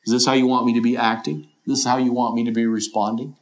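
A man's voice: medium pitch, level tone, fast talker. A middle-aged man preaching a sermon in an earnest, questioning way, often voicing imagined listeners. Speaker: pastor.

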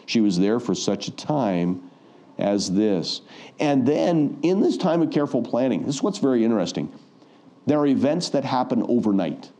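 A man's voice: mid-range voice, very animated, normal speed, dark tone. A man preaching a sermon, retelling a Bible story and acting out the voices of the people in it. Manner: storytelling, acts out quoted voices.

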